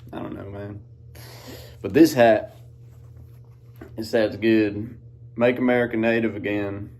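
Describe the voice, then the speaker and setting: A man with a drawl hosts a podcast, his voice sitting a little low. He rambles along in an easygoing, unhurried way. His talk is loose and folksy, full of country slang. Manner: laid-back rambling with Southern-style slang. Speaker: podcast host. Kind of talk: casual monologue. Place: outdoors in farm fields.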